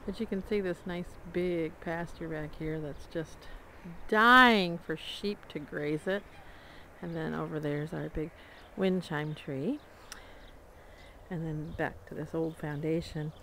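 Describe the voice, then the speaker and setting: A woman's voice: deep voice, takes it slowly, pushed and bright, slight background noise. A woman giving a casual, rambling tour of her homestead outdoors, with plenty of fillers and small laughs, recorded on a handheld camera mic. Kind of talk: casual walk-through narration. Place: outdoors on a small farm, among barns and animals.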